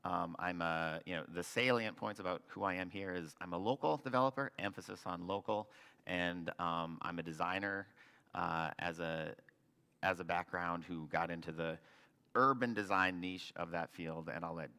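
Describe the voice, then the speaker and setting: A man's voice: sits low, steady tone, normal speed, sharp tone, clean tone. A man, a local developer, presenting slides to an audience with earnest, restart-filled explanations. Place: meeting hall with audience. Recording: long hall reverb.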